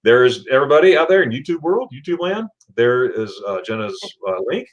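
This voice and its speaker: A man's voice: mid-range voice, sing-song, a little fast, dull audio. A man hosting a casual livestream, chatting with a guest and reading viewer comments aloud, with frequent restarts. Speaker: livestream host.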